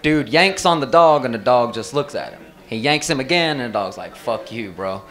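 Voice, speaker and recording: A man's voice: mid-range voice, lively intonation, fairly quick, a bit bright. A man in his thirties from the American South with a Southern accent, doing a profane, loose stand-up set at an open mic. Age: 30s. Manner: loose, profane storytelling with drawled asides. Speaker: stand-up comedian. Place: bar open mic stage.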